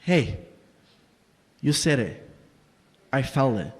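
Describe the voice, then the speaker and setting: A young man performing a one-man tragicomedy on a small stage, shifting between quiet confession and angry outbursts. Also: medium pitch, very animated, slow, husky, in a large hall. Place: small basement performance space.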